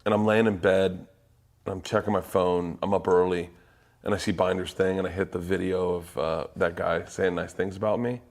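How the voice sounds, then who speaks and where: Low-voiced man, excited storyteller. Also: normal speed, vocal fry. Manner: excited, animated storytelling with jumps in pitch. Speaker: stand-up comedian. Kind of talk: casual podcast chat.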